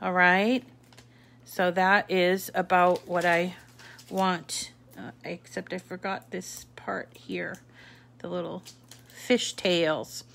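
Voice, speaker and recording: A woman's voice: on the low side, flat delivery, slow, creaky, fairly bright tone. A woman from the Boston area with a Boston accent, chatting casually through a craft demonstration and trailing off into asides as she works. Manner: chatty, many fillers and self-corrections while working. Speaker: craft tutorial host.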